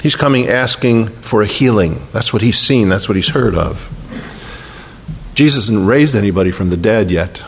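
A man preaching a sermon and telling the story with feeling, often dropping to a slow, quiet hush for emphasis. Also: on the low side, vocal fry, slight background noise. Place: church sanctuary. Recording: long reverb of a large hall.

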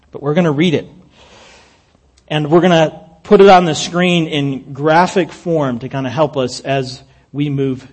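A man's voice: on the high side, a little mellow. A man preaching a sermon, reading scripture aloud with emphatic rises and falls and dry humorous asides. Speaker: pastor.

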